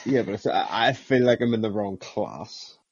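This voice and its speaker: A man's voice: fairly low pitch, moderate pace, breathy edge, no room sound, lo-fi sound. A man, a guest racing driver, chatting casually in a modest, laid-back way. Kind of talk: casual chat.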